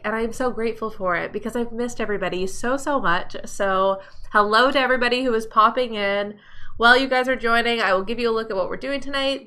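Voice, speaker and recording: Upbeat woman host of a live nail stream, bright forward tone, friendly chatter. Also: on the high side. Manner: upbeat, chatty, greets viewers by name. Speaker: nail tutorial livestream host. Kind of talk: casual live-stream chat and tutorial.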